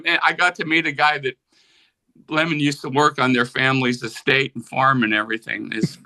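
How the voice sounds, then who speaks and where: A man's voice: mid-range voice, flat delivery, brisk, bright, forceful tone, poor audio. A man in his seventies from Pennsylvania, a guest musician telling rambling anecdotes in a casual interview. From Pennsylvania, USA. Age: 70s. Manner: rambling anecdotes, acts out voices in quotes.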